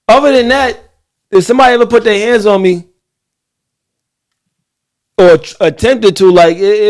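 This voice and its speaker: A man co-hosting a casual talk show, telling stories in a loose, profane, animated way and asking listeners what they think. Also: sits high. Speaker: podcast co-host.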